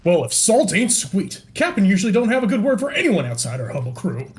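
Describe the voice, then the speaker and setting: A man's voice: high voice, very animated, brisk. A man voicing a polite, apologetic male pirate crewman, reading game dialogue in a folksy pirate dialect. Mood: cheery. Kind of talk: reading game quest dialogue aloud in character.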